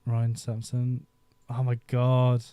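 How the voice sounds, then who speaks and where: A man in his thirties hosts a casual live stream, rambling through old memories with frequent laughter. His voice is mellow and dark-toned, and the recording sounds dry and close. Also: medium pitch, monotone, takes it slowly, smooth, dry recording. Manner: rambling, nostalgic, laughs often. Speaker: YouTube host. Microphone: desk microphone.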